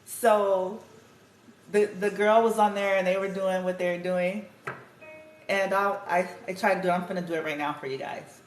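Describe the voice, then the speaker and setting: A woman's voice: mid-range voice, fairly even intonation, moderate pace, slight background noise. Chatty woman doing a tarot reading. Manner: chatty, laughs often, casual swearing. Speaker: tarot card reader. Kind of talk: casual spiritual card reading. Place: room at home with music playing. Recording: echoey room with music playing.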